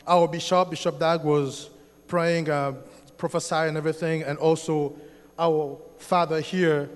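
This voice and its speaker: French-accented guy telling his church testimony, high voice, lots of ums, big echoey hall. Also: a little slow, smooth. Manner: excited storytelling with many fillers and restarts. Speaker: church member giving a testimony. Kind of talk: spoken testimony to a congregation. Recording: long hall reverb.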